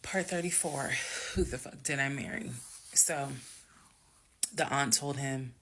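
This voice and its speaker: A woman telling a story from her own life to viewers, emphatic and direct, dropping to hushed whispers and rising to loud bursts. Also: a bass voice, measured pace, a little hiss or hum. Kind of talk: storytime monologue.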